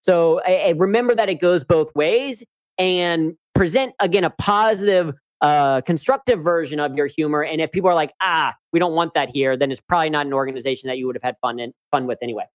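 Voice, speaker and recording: An upbeat, chatty man speaking as a guest in a casual interview, voice sitting a little high. The sound is dry and close, with no room around it. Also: quick pace, no echo. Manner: upbeat, chatty, frequent "right?" asides. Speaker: guest, humor coach and speaker.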